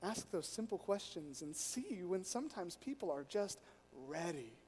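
A high-voiced man preaches in a storytelling style, acting out the people in his stories. He talks in an animated way. His voice carries the long reverb of a large church hall. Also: moderate pace, slight background noise. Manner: animated, acts out quoted people, chuckles while telling. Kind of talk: storytelling sermon.

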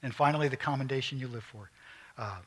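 A man preaching a sermon, earnest and emphatic, rising to loud peaks and dropping to quiet asides. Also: medium pitch, fast, husky. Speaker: pastor.

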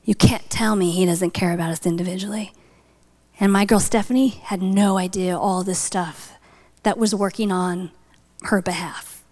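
A woman's voice: mid-range voice, fairly even intonation, normal speed, darkish tone. A woman telling a story in a sermon, dropping to a whisper for emphasis and building to a passionate call at the close. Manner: rises to passionate exhortation. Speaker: speaker at a church.

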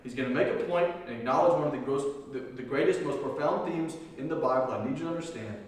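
A male pastor preaching a sermon with emphasis, repeating key lines and swinging between loud declarations and hushed moments. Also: medium pitch, fast. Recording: echoey hall from far off.

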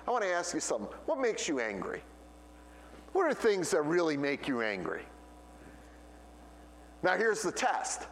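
Male pastor, sermon, high-pitched voice, long reverb, storytelling delivery. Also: huge pitch swings, moderate pace, pauses often, a bit bright, a little hiss or hum. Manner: storytelling preacher who acts out quoted voices.

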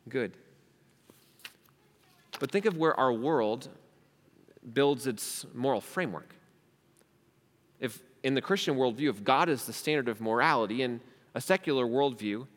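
A man's voice: medium pitch, fairly bright tone, long reverb tail. A young man preaching a sermon as pastor, emphatic and asking rhetorical questions. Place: church hall.

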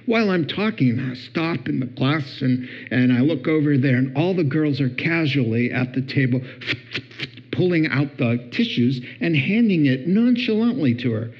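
A middle-aged man giving a humorous talk on marriage, lively and acting out little scenes in different voices. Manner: animated, acts out voices with big pitch jumps. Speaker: speaker on marriage. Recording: dull lo-fi recording.

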